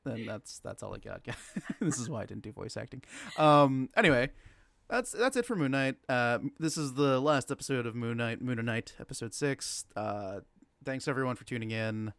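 A man's voice: medium pitch, animated, moderate pace, gravelly, fairly bright tone, no echo. A man co-hosting a podcast in casual chat, rambling and hesitant with many fillers and restarts. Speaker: podcast co-host.

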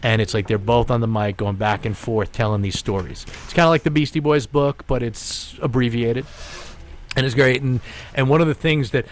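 Rambling male podcast host. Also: medium pitch. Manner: rambling, animated storyteller. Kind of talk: casual storytelling.

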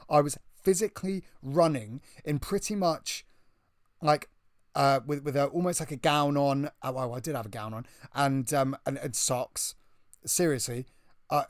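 Excitable British man telling a story. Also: on the high side, dry recording, clean studio sound. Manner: breathless, excitable storytelling with frequent restarts. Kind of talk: casual chat, storytelling.

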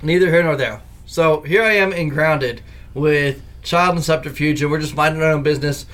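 Give me a lively male podcast host, slightly high-voiced, chatting casually and laughing as he tells stories. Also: normal speed. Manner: animated storyteller who laughs often. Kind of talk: casual chat.

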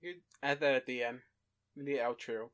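A young man co-hosting a podcast, relaxed and hesitant, with lots of fillers. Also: mid-range voice, moderate pace. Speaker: podcast co-host. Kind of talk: casual chat.

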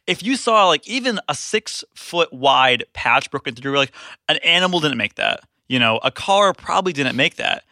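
A young man in casual chat, animated, laughing often and swearing freely. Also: on the high side, moderate pace, no room sound, studio quality. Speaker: podcast co-host.

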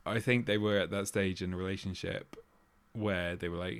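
A man's voice: deep voice, brisk, few pauses, clear, resonant tone, no echo. A man, co-hosting a casual chat and swearing freely. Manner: sweary, animated impressions of others. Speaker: podcast co-host.

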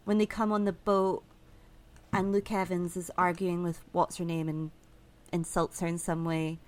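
A woman co-hosting a casual film review podcast, animated as she retells scenes and quotes. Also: fairly low pitch, moderate pace. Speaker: podcast co-host.

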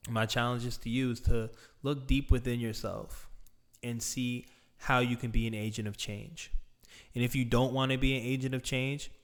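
Smooth-voiced man, earnest and deliberate. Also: mid-range voice, little pitch movement. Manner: deliberate, emphatic, with drawn-out stressed words. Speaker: speaker addressing viewers. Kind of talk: earnest direct-address monologue.

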